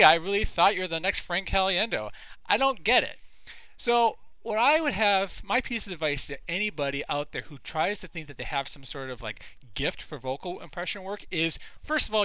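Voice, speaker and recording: Male podcast host, bright and animated, profane exasperated rant, dry mic. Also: sits high, dry recording. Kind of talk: comedic rant.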